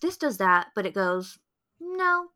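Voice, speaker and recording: A young woman co-hosting a podcast in casual chat, animated and profane, often acting out characters' lines. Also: medium pitch, normal speed. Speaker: podcast co-host.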